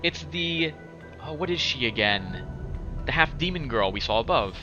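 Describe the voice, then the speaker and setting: A man's voice: medium pitch, animated, moderate pace, highs cut off, over music. A man hosting a game playthrough, reading the text aloud and apologetic and stumbling over words. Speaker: let's play host.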